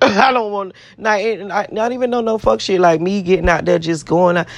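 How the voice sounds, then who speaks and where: Medium in pitch and steady in tone, a woman vlogger speaks at normal speed without room sound. She casually talks to her viewers on camera, rambling in a boastful, profane, self-adoring way and repeating herself.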